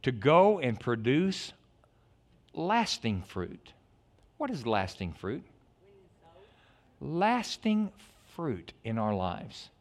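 A middle-aged male pastor preaching a sermon in an animated, digressive way, swinging from loud outbursts to hushed stretches. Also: medium pitch, takes it slowly.

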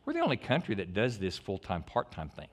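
A middle-aged male pastor preaching a sermon in an animated, digressive way, swinging from loud outbursts to hushed stretches. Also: fairly low pitch, brisk.

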